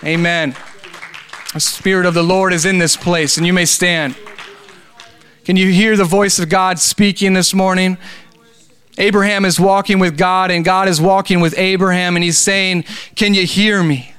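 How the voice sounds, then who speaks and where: Male pastor, fervent sermon delivery, clear resonant tone. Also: sits high, little pitch movement, normal speed, fairly bright tone. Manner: preaching with call-and-response, rising to fervent exhortation. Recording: faint music behind.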